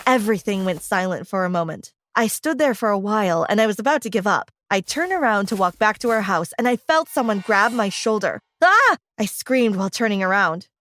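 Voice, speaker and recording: A woman's voice: medium pitch, expressive, fairly quick, few pauses, fairly bright tone. A woman narrating a first-person story, reading expressively.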